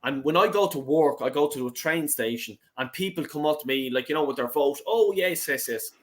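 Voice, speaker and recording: A man's voice: mid-range voice, fairly quick, a bit bright. A middle-aged Irish man on a football fan call-in show, ranting bluntly and passionately, swearing freely. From Ireland. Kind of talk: heated casual football chat.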